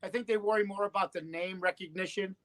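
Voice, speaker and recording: A middle-aged man, a comedian guest, telling stories in a rambling, relaxed way. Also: high voice, fast talker, poor audio. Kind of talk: casual chat.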